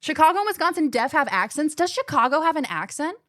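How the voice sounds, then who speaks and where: A woman's voice: sits high, fast, dry recording, clean studio sound. A young woman from Illinois with a faint mix of Midwestern and West Coast accents, chatting casually on a live stream, reading chat aloud and laughing easily. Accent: faint mixed Midwestern and West Coast American. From Illinois, USA. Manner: chatty, animated, laughs often, swears casually.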